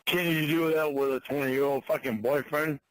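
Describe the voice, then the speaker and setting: A man's voice: fairly high pitch, steady tone, normal speed, no echo. A drunk man on a phone call, stammering and repeating himself as he throws out angry accusations. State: drunk, slurring. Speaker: prank call target.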